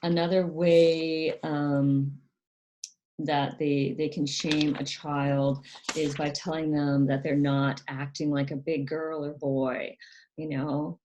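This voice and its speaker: A woman hosting a casual educational talk, speaking softly with many ums and acting out quoted parents in a higher voice. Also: little pitch movement, slow, slight background noise. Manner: soft-spoken, frequent ums, quotes parents in a higher, sharper voice. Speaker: channel host.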